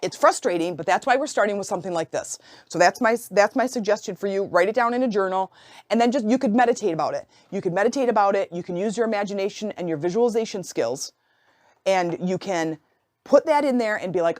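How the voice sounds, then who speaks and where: A woman's voice: medium pitch, expressive, brisk, darkish tone, no echo, studio quality. A woman hosting her own podcast, coaching listeners in a casual, playful way and acting out quoted inner voices. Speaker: podcast host and life coach. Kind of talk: casual solo podcast teaching. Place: home office.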